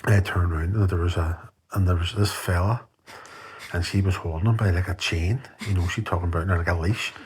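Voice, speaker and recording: A man's voice: deep voice, fairly even intonation, brisk, slight background noise. A man telling a rambling story in a voice note, swearing constantly. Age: 40s. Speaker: voice note sender.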